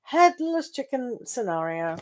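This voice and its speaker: Slow-talking woman reading tarot live. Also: a little high, sing-song, noisy background. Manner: chatty, reassuring, laughs often, addresses viewers by name. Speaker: tarot reader.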